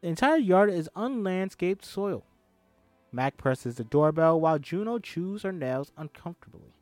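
A man reads a screenplay aloud for a comedy podcast and keeps breaking off into crude, irreverent asides. His delivery is lively, with pitch that leaps around for emphasis. The sound is dry and close, with faint music in the background. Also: moderate pace, no room sound. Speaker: podcast host reading a screenplay. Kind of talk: comedic script read-through.

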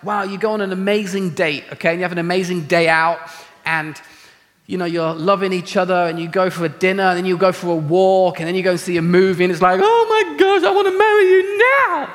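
A man preaching a sermon to a church, casual and animated, with conversational asides. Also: high-pitched, quick pace. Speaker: pastor. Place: church auditorium. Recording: reverberant hall.

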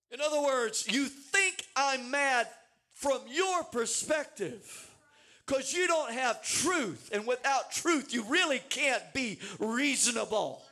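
This sermon comes from a man with a very high-pitched voice speaking slowly. He's animated and emphatic, with dramatic swings, repeating words as he builds up.

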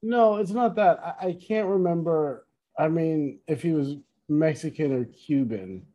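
Bright-voiced man telling a rambling story. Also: on the high side, unhurried, dull audio. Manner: rambling, self-correcting, animated retelling. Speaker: podcast co-host, musician. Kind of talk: casual chat, storytelling.

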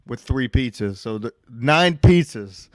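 A man's voice: mid-range voice, expressive, a little slow, no room sound. Laid-back man, dry close sound. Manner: laid-back, swearing, laughs at his own stories. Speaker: podcast host. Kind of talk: casual chat.

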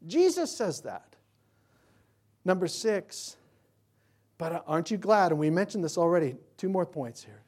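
Male pastor delivering a sermon; emphatic preacher, animated, fond of rhetorical questions. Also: high-pitched, measured pace, pauses often. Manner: animated, swinging from loud to quiet.

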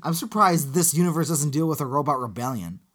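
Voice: mid-range voice, a little fast, breathy edge. A podcast co-host talking casually about a movie, profane and joking. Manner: animated, profane, jokey asides.

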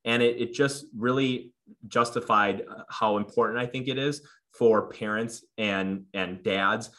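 A man's voice: lowish voice, fairly even intonation, unhurried, fairly bright tone. A man in his thirties, a guest in a casual interview, talking earnestly with lots of fillers and restarts. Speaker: podcast guest.

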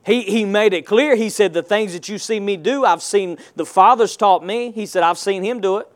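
A man preaching a sermon, calling on the congregation to answer back and stressing points with slow, emphatic delivery. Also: sits high. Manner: call-and-response preaching, rising to emphatic shouts.

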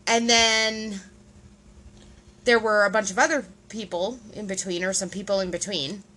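Bright-voiced woman co-hosting a podcast. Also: medium pitch, steady tone, moderate pace, rough recording. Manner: explains with many "like"s and "right?" checks. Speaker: podcast co-host. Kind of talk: casual podcast chat.

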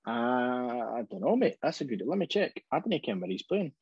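A man's voice: mid-range voice, big pitch swings, normal speed, vocal fry, muffled recording, crowd noise. A Scottish man co-hosting a football podcast, laid-back and blunt in his banter. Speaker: podcast co-host. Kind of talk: casual football podcast chat.

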